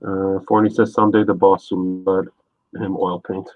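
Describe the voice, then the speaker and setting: A man's voice: deep voice, level tone, moderate pace, a little mellow, no echo. A man hosting a live painting stream, chatting casually with a guest while he paints, rambling with lots of fillers. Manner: rambling, laid-back, frequent fillers. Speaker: streaming artist host. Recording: tinny phone-like sound, dry.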